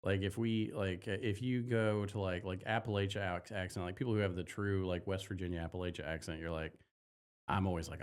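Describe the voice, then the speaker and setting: A man from Texas with a Texan accent, a guest comedian in casual podcast chat, telling stories with animated laughter. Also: low voice, fairly quick, clear, resonant tone.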